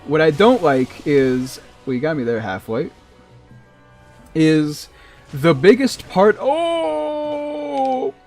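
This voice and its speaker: A man with a New England accent rambles through casual chat as he plays, often chuckling. His slightly high voice moves at an unhurried, drawn-out pace. Faint game music sits behind him. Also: lively intonation, a little mellow. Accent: New England (Massachusetts). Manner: rambling, chuckling, chatty asides. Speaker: streamer. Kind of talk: casual chat while gaming.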